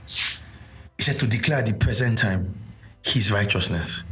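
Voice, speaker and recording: A man's voice: lowish voice, normal speed, a bit bright, faint music behind. A man teaching a sermon, explaining with everyday stories and repeating key phrases. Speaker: preacher.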